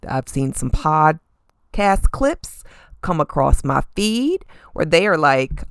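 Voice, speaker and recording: A woman hosting a podcast, giving sassy, animated celebrity gossip commentary and often tossing in "okay?" asides. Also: on the low side, slow, clean tone, no room sound, clean studio sound. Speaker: podcast host.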